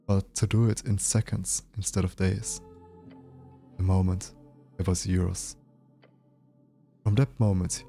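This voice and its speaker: Male streamer, dark mellow voice, narrates game text aloud with casual asides. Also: low-pitched, vocal fry. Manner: reads text aloud, breaks off to joke and ask.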